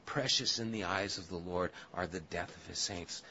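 A man preaching a sermon, telling a humorous personal story and then turning earnest and quiet. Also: low voice, fairly even intonation, normal speed, hardly any pauses. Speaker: pastor. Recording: dull lo-fi audio with faint hiss.

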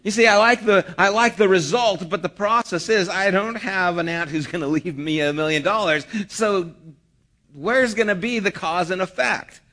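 A male pastor preaches in a relaxed, conversational sermon style. He asks rhetorical questions and slips into the voices of people he quotes. His voice sits a touch higher than most men's. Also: moderate pace.

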